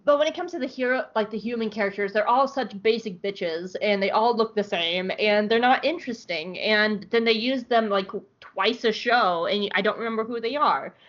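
A woman's voice: medium pitch, normal speed, hardly any pauses. A woman co-hosting a podcast, recapping an episode in blunt, profane, sarcastic casual chat. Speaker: podcast co-host. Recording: dull lo-fi podcast audio.

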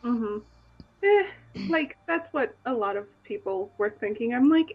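A woman with a fairly high, husky voice chatting on a podcast. She is enthusiastic and giggly. The slightly muffled, lo-fi mic dulls her sound, with soft music far behind. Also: expressive, measured pace. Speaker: podcast co-host. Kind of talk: casual podcast chat.

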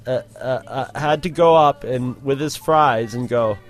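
A man's voice: mid-range voice, unhurried. A male podcast co-host in casual chat, telling a rambling story with many restarts.

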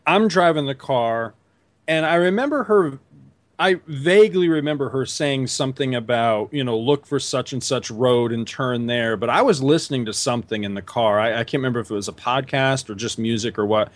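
A middle-aged man hosting a podcast, telling a story in a casual, animated way, jumping up in pitch to act out what people said. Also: moderate pace, no echo. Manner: animated, acts out quotes with big pitch jumps and laughs. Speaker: podcast host.

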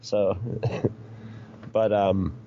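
A man's voice: sits low, flat delivery, very slow, slight background noise. A middle-aged man in casual chat, rambling along with many restarts and chuckles. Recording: dull lo-fi recording.

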